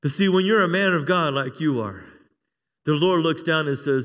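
High bright-voiced male pastor preaching. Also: animated, normal speed. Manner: conversational preaching with frequent call-and-response amens. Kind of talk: sermon. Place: church sanctuary. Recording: long reverb of a church hall.

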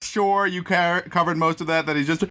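A man's voice: high-pitched, steady tone, normal speed, bright, forceful tone. A young man co-hosting a podcast, chatting about a movie in a tired, rambling way and laughing often. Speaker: podcast co-host. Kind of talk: casual movie review chat.

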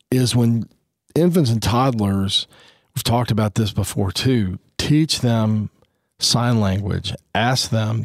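A man in his fifties talks through parenting advice in a casual, earnest way, slipping into quoted family dialogue. His voice sits on the low side. The sound is dry and close, with no room around it. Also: darkish tone, no echo. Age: 50s.

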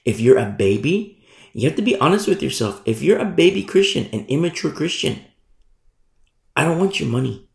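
A man's voice: on the high side, very animated, moderate pace, creaky. A male pastor preaching a sermon, emphatic and repeating his key phrases. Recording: roomy echo.

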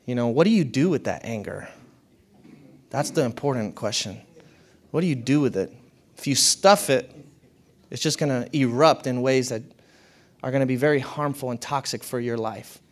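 A man giving a motivational talk to an audience, casual and conversational. He often breaks into laughter. His voice swings from quiet, low stretches up to bright, excited highs. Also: moderate pace, long pauses. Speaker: speaker addressing an audience.

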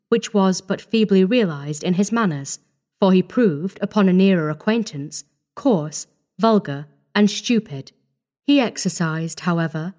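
Woman, audiobook narrator, measured storytelling, middle pitch, close mic. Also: darkish tone. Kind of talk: scripted narration.

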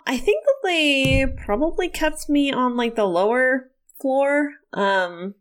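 A woman's voice: high-pitched, animated, slow, clear, resonant tone. A woman player chatting casually in a tabletop game, playful and using "like" often.

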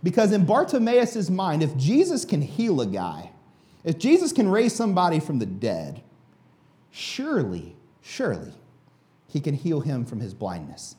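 A man's voice: fairly high pitch, huge pitch swings, a little slow, mellow. A male pastor giving a sermon in a casual, conversational way with many fillers.

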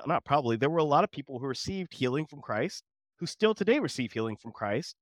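Man, co-host, preacherly Bible lesson talk, earnest and emphatic, mid-pitched voice, dry sound. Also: no room sound. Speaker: co-host of a Bible study show. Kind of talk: sermon-like Bible lesson discussion.

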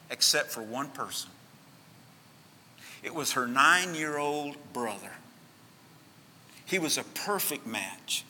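A man preaching a sermon as a pastor, telling a story that swings from loud to hushed. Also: fairly high pitch. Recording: long hall reverb.

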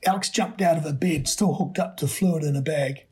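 Man reading a story, breathy husky voice, measured. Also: on the high side. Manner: measured and expressive. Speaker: podcast host.

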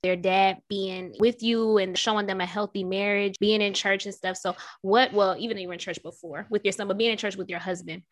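A woman interviewer asking a guest about marriage and faith in slow, searching phrases. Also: mid-range voice, fairly even intonation. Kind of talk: interview questions.

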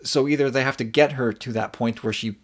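A man's voice: mid-range voice, fairly even intonation, fairly quick. A man chats as a podcast co-host in a casual, thoughtful way. He muses through his points and often restarts his sentences mid-thought. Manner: thoughtful, musing, frequent restarts. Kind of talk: casual chat.

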